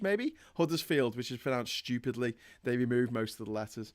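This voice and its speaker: A man's voice: mid-range voice, normal speed, few pauses, clear, resonant tone. A man co-hosting a casual live-stream chat, joking, laughing often and reading out viewer messages. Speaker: co-host reading viewer comments.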